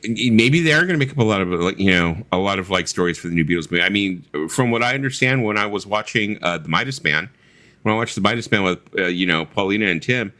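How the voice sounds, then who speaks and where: A man co-hosting a casual livestream chat, telling stories in a blunt, profane, animated way. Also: on the low side, quick pace. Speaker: co-host of a livestream.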